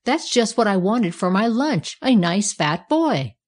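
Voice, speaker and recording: A woman's voice: mid-range voice, big pitch swings, a little slow. A woman reading aloud, voicing a greedy male giant who roars and snorts. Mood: roaring. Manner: roaring, gleeful.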